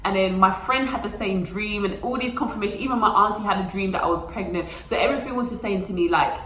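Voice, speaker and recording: A woman's voice: medium pitch, quick pace, a bit bright, reverberant, a little hiss or hum, rough recording. A young woman telling a personal story to her phone camera in a casual, chatty way, full of fillers and acted-out quotes. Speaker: vlogger.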